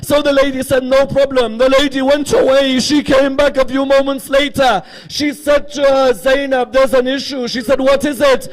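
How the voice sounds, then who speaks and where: A man's voice: extremely high pitch, level tone, normal speed, few pauses. A man preaching a mourning sermon, telling a grieving story to a live audience and often checking in with them with "correct?" and "yes?". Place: lecture hall with a live audience.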